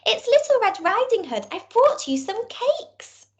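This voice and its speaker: A woman voicing a kind, helpful little girl in a fairy tale read aloud to children, in a high, sweet voice. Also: very animated, unhurried, exaggerated voice. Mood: innocent.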